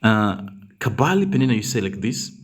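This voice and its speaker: Man teaching a German class, slightly low voice, patient, reads students' sentences aloud and corrects each one. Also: very animated, a little fast, slightly rough. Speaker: German language tutor. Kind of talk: live online grammar class.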